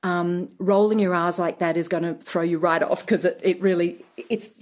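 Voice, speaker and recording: A woman's voice: fairly low pitch, steady tone, moderate pace, darkish tone. A woman who is an accent expert, a guest on a radio talk show, speaking in a thoughtful way.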